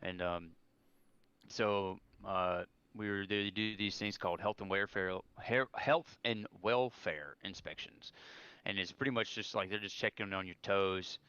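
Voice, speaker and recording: A man's voice: low-pitched, steady tone, measured pace, pushed and bright, clear, resonant tone, dry recording, muffled recording. A young man, a serving soldier, rambling through a story as a podcast guest, full of restarts and acted-out quotes. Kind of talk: casual storytelling over beers.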